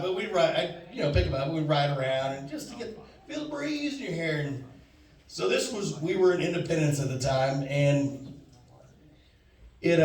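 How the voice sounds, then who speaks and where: Rambling animated male stand-up comic. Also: fairly high pitch. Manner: rambling, animated, acts out his friend's lines. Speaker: stand-up comedian. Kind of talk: stand-up storytelling. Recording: echoey room from far off.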